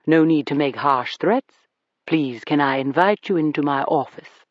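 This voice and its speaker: A reader voicing a cheerful, evasive male club owner with a deep British accent, polite and smooth in an audiobook. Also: a little slow, no room sound, close to an everyday voice. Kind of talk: audiobook character reading. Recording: dull dry recording.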